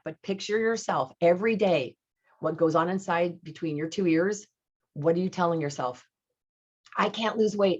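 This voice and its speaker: A middle-aged woman with a low voice gives her sales team an upbeat coaching talk and presses her points by repeating them. The recording sounds dull and lo-fi. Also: a little mellow. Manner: upbeat and coaching, repeats key phrases for emphasis.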